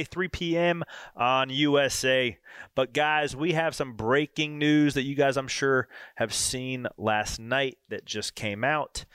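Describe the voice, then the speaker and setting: A man hosting a podcast, chatting loosely and excitedly about racing. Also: medium pitch, clean tone, no room sound. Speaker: podcast host and race driver. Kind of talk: casual podcast banter.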